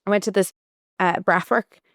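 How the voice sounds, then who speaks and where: In a casual storytelling monologue, a young female podcast host rambles through a personal anecdote, often restarting herself. She speaks at normal speed with medium pitch, fairly even intonation and a fairly bright tone, in clean studio audio without echo.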